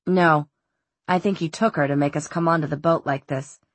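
A woman reading the lines of a guarded, wry young man in an audiobook, keeping her own voice a touch lower and speaking lightly and dryly. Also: steady tone, normal speed, dry recording. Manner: light, dry, understated.

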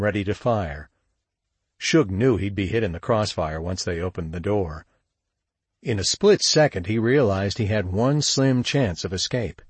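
A man narrating a crime story in a steady, measured audiobook read. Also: lowish voice, slightly rough, no echo. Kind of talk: scripted narration.

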